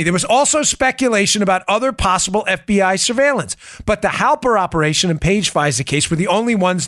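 A man with a New York accent delivers opinionated political talk and a host-read ad on his podcast, speaking emphatically and punchily and circling back to key points. His high-pitched voice sounds pushed and bright, recorded dry at studio quality.

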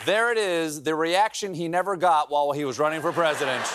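A man's voice: a little high, a little fast, a crowd in the background, noisy background. A man hosting a late-night show, delivering a comedic news monologue with sarcastic, mocking punchlines.

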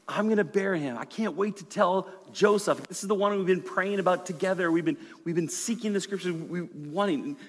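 A man's voice: sits high, lively intonation, fairly quick, pushed and bright, pitched above the performer's own voice. A man voicing a young engaged teenage girl, talking in a breathless, pleading way. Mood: excited. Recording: long hall reverb.

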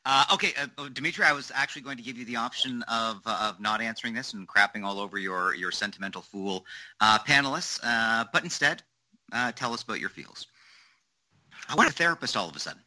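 Fast-talking, teasing male podcast host. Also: mid-range voice, pushed and bright, poor audio. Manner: joking, teasing moderator. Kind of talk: casual fan discussion.

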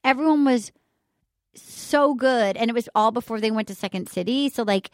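A middle-aged woman hosting a chatty podcast interview, her voice sitting a little high. She jumps in eagerly with questions and lists of names. The sound is dry and close to the mic. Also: normal speed, dry recording. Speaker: podcast host. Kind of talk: casual interview chat.

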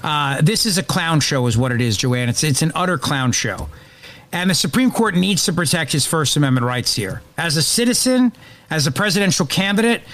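A man filling in as host of a political talk radio show, speaking emphatically and indignantly in quick bursts. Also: a little high, fairly bright tone.

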